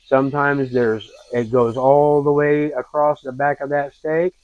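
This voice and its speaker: A man hosting a home cooking video, narrating in a relaxed, folksy and rambling way. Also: medium pitch, unhurried, no room sound. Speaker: cooking show host. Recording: dull lo-fi, dry.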